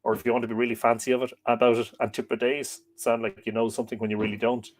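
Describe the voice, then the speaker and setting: Talking very fast in a flat, mid-range voice, an Irish livestream host reads from a history book and drifts into chatty, rambling replies to viewers' comments.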